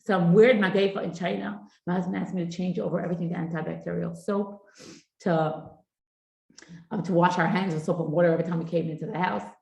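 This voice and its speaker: A woman's voice: on the low side, fairly even intonation, fast, gravelly, warm tone, reverberant, poor audio. A middle-aged woman teaching a parenting class in a chatty, informal way, mixing Hebrew and Yiddish terms into her talk.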